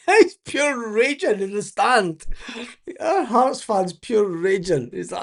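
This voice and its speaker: A man's voice: high voice, very animated, takes it slowly, vocal fry. A man giving blunt, exasperated live match commentary as a watch-along host, swearing freely and laughing often.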